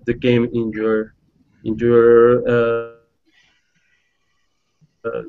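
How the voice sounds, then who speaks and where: Give me a slow-talking man as interview host, halting through his question, with a dull lo-fi call sound. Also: mid-range voice, darkish tone. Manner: halting, full of fillers and restarts. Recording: dull lo-fi online call audio.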